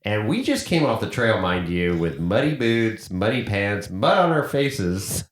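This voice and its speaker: Male podcast host, low voice, very animated storyteller, roomy echo. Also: a little slow. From United States. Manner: animated, acts out quoted voices. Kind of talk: casual storytelling chat.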